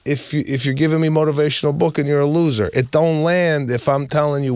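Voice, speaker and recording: A middle-aged man hosting a casual comedic chat, telling stories with animated delivery and acting out both sides of each exchange. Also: a little high, brisk, hardly any pauses, no echo. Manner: animated storytelling, acts out exchanges, says "bro". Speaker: comedian host.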